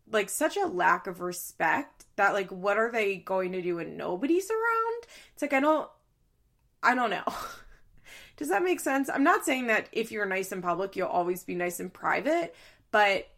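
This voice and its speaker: A woman with a medium-pitched, slightly bright voice chats casually while recapping a reality show. She gives strong opinions and slips into other voices when quoting people.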